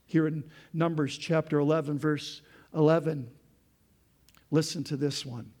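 Man, pastor, high-pitched, impassioned sermon, talks straight to the congregation. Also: little pitch movement, unhurried, darkish tone. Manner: impassioned, often raises voice when voicing prayers and quotes; addresses the congregation with "folks" and "okay?".

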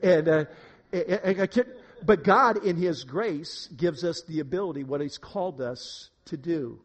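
A man preaching a sermon in a church room, emphatic, swinging between quiet and loud. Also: a little high, unhurried. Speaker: pastor.

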